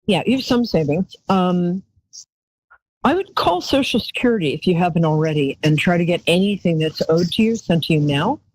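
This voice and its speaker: A woman's voice: on the low side, animated, normal speed, darkish tone, no room sound, low-quality recording. A woman hosting a live call-in psychic show, chatty and rambling, calling her callers darling.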